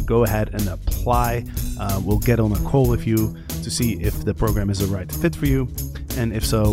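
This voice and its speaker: A man hosting a podcast, reading a scripted intro and then chatting in an upbeat, energetic way with guests. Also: fairly low pitch. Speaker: podcast host. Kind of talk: casual interview, scripted intro.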